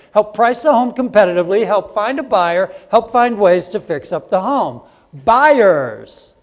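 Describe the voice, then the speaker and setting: A middle-aged man giving a live training seminar, joking and quizzing the audience, recorded in a conference hall. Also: sits high. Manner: jokey, interactive with the audience. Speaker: seminar presenter. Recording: long hall reverb.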